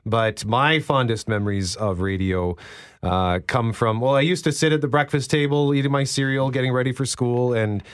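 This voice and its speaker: A young radio host with a mid-pitched voice, chatting in an upbeat, easygoing way. He laughs easily and keeps the talk light from his studio. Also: moderate pace, clean tone. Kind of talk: casual radio chat.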